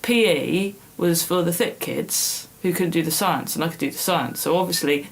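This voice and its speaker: A young woman co-hosting a podcast, chatting casually with a self-mocking, laughing manner. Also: low voice. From northern England. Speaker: podcast co-host. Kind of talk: casual chat.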